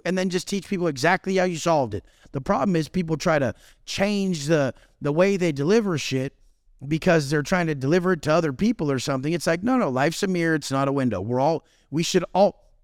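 A brash, profane man talks in an intense, swaggering rush. His voice sits a bit high and swings widely in pitch. The sound is close and dry, with no room echo. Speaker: podcast guest. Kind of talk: casual chat.

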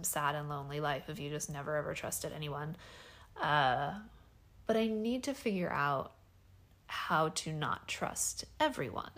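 A woman in her thirties talking through a personal podcast monologue at home, soft-spoken and hesitant, with lots of fillers and trailing pauses. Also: lowish voice, creaky. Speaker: podcast host. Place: home bedroom.

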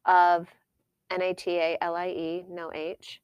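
A woman co-hosting a casual chat podcast, chatty and quick to giggle and joke. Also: lowish voice, level tone, clean tone, dry recording, muffled recording. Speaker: podcast co-host.

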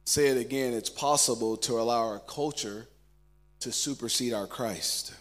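A man preaching a sermon as pastor, telling stories and shifting between loud and hushed delivery. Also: medium pitch, normal speed.

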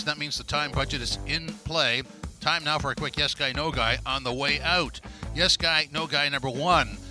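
A podcast host runs through a quick segment, handing out emphatic verdicts in an upbeat voice. His pitch sits a little high for a man. Music plays clearly beneath him. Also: pushed and bright. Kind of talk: scripted segment hosting.

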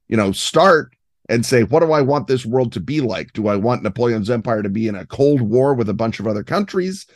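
A man's voice: medium pitch, animated, fairly quick, no room sound, studio quality. A man as guest on a gaming podcast, explaining at length in an erudite, expansive way with many fillers. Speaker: guest game designer. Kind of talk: podcast interview.

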